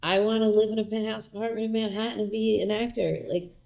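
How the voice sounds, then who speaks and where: A woman's voice: medium pitch, fairly even intonation, fast, creaky, lo-fi sound. A middle-aged woman, a guest in a casual interview, telling a personal story in a chatty way, full of fillers and quoted dialogue.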